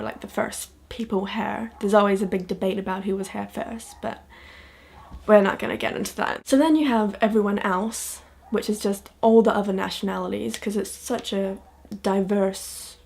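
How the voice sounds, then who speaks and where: A woman's voice: medium pitch, gravelly, darkish tone, breathy edge. A woman with a New Zealand accent chatting casually to camera, jokey and self-mocking. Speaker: vlogger. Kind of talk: casual chat.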